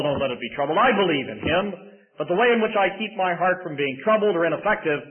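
A middle-aged man preaching a sermon in an earnest way that rises to emphatic bursts. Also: a little high. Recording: tinny phone-like sound.

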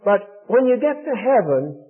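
A high-voiced man preaches a sermon, explaining scripture earnestly and pressing his points with rising emphasis. The audio is thin and tinny, like a phone line. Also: big pitch swings, moderate pace.

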